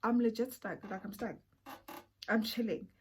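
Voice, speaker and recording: A young woman with a South African accent telling a personal story in a casual, animated way, sometimes dropping to a whisper. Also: on the high side, moderate pace, a little hiss or hum. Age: young adult. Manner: animated, drops to a whisper for asides. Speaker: vlogger.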